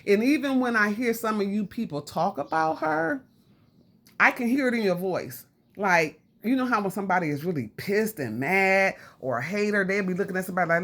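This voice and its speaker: A woman's voice: medium pitch, expressive, fairly quick, fairly bright tone. A woman vlogger giving a casual, slangy commentary rant straight to camera, scolding her audience and repeating lines for emphasis.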